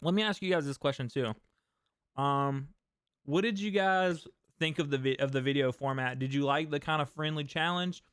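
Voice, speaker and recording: Young man, casual livestream host, smooth clear voice, dry close sound, easygoing. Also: on the high side, moderate pace, a bit bright, dry recording. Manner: laid-back, reads viewer comments aloud, laughs easily. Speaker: fishing channel host.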